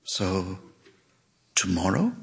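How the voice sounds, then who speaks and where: A man reading the lines of a hurt, reproachful woman caller in a quiet, pressed, husky voice. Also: lowish voice, unhurried, voice pushed down, full character voice. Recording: long reverb.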